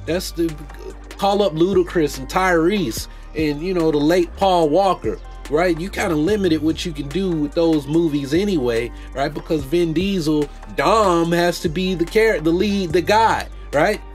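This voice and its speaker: Guy with rambling about movies, high voice, laid back and jokey, some music under. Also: measured pace. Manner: loose, joking, slangy, many restarts. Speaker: podcast host. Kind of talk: casual movie commentary.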